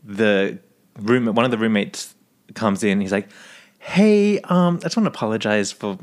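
A man from Australia, co-hosting a podcast and telling a story in casual, animated chat with frequent swearing. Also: lowish voice, normal speed. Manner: animated, swears, laughs often. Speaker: podcast co-host.

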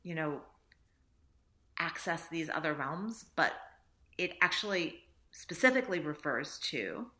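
A woman's voice: deep voice, animated, unhurried, pauses often, pushed and bright. A woman author talking reflectively in a casual interview, laughing often and acting out little dialogues. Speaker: author guest.

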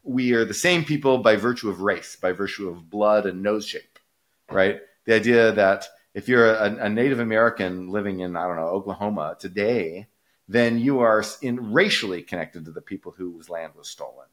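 Low-voiced guy on a podcast, animated, keeps going "right?". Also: normal speed. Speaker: podcast co-host. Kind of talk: casual podcast discussion.

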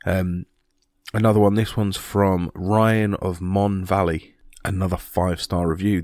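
A man's voice: sits low, level tone, unhurried, a little mellow, no room sound. A man from England hosting a podcast on his own, talking casually with a rambling, self-mocking manner and plenty of ums and restarts. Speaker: podcast host. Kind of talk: casual solo podcast talk.

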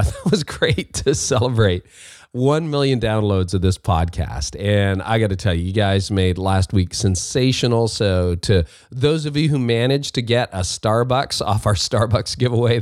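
A man's voice: on the low side, normal speed, dry recording, clean studio sound. A man with a Canadian accent hosting a podcast, talking in an upbeat, chatty way with little asides. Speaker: podcast host. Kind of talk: casual solo monologue.

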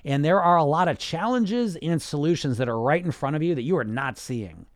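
A man's voice: fairly high pitch, lively intonation, brisk, dry recording, clean studio sound. A man hosting a casual podcast monologue as a weight loss coach, blunt and sarcastic, and he swears freely.

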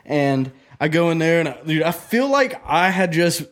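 A man casually telling a story on a podcast, animated and profane, acting out the other people in it. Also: a little high, moderate pace. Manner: animated, profane, acts out quotes in a loud excited voice.

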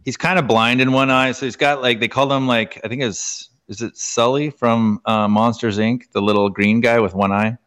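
Ex hockey guy rambling through stories as a guest, lots of restarts, mid pitch. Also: moderate pace, few pauses, clear, resonant tone. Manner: rambling, animated storyteller with many restarts. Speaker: guest, former pro hockey player. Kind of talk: casual storytelling interview.

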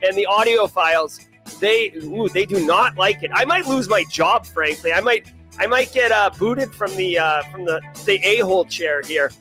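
A man with a Boston accent hosting a daily cyber news live stream, talking in an energetic, rambling, self-joking way. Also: high-pitched, moderate pace, soft background music. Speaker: host. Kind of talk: casual live-stream chat.

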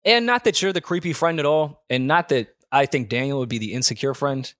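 A man's voice: mid-range voice, brisk, a bit bright, no echo, clean studio sound. Wry man in casual podcast chat. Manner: laid-back, wry commentary. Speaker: podcast co-host. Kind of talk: casual chat reacting to a music video.

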